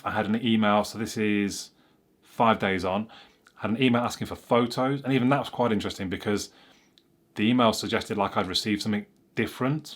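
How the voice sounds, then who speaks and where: A man, a tech reviewer casually telling a story to camera in a chatty, rambling way that often corrects itself. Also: fairly low pitch.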